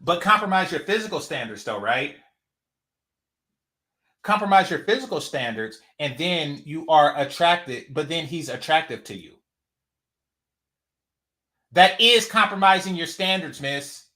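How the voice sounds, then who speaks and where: High, bright-voiced man in sarcastic commentary. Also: expressive, a little slow, long pauses, roomy sound. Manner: incredulous, sarcastic, emphatic. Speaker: commentary channel host. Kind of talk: reaction commentary on a clip.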